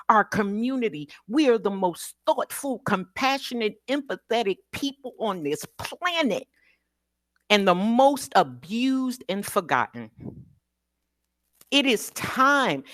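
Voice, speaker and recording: A woman's voice: mid-range voice, expressive, unhurried, no echo. An American woman calling in to an online talk show and giving an emotional speech with a preacher-like cadence. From United States. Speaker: caller. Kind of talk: impassioned call-in speech.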